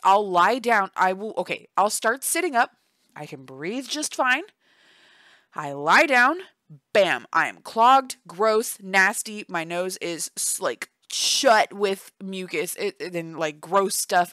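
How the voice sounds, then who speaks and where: A woman's voice: medium pitch, animated, unhurried, a bit bright, no echo. A tired young woman chatting casually and giggling in a voice-only vlog. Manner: chatty, giggly, self-deprecating. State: tired, yawning. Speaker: vlogger. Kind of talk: casual chat. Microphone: voice-only home recording.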